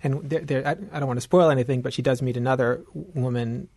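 A man, a novelist, talking casually in an interview, thoughtful and animated, often restarting his sentences. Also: mid-range voice, fast talker, no echo. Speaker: novelist guest.

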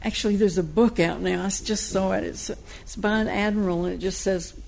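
A woman novelist in a conversational interview, retelling her story's plot in a lively, storytelling way. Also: mid-range voice, fairly quick, vocal fry, slight background noise. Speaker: novelist discussing her book. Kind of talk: conversational book discussion.

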